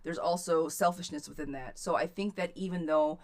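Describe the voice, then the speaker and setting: A woman's voice: deep voice, steady tone, fairly quick. A woman hosting a live tarot reading stream, chatting casually and encouraging her viewers, recorded on a webcam mic at home. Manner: chatty and encouraging, addresses viewers as girl and sweetheart.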